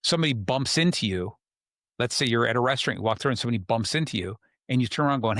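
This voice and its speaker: A man's voice: medium pitch, lively intonation, very fast, a bit bright, no echo, clean studio sound. Man hosting a casual advice chat. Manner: conversational, acts out quoted people. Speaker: host.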